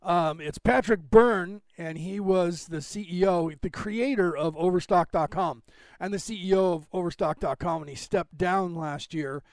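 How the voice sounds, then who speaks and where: Higher-pitched man rambling on a livestream. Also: normal speed, no echo, clean studio sound. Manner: rambling, self-interrupting while fixing tech. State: clearing throat, phlegmy. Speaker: livestream host. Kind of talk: casual livestream chat.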